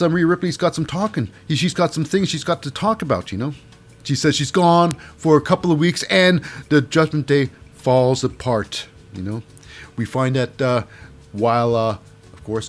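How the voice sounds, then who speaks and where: A man giving a casual, jokey recap of a wrestling show. He rambles and fills his talk with "uh" and "you know". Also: mid-range voice.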